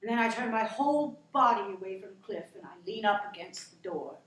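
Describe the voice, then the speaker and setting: A woman's voice: medium pitch, expressive, echoey room, slight background noise, lightly acted, low-quality recording. An actress playing a down-to-earth working wife who finally stands up for herself, telling her story in an earnest, emotional monologue. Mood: sorrowful. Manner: slow, emotional, earnest retelling.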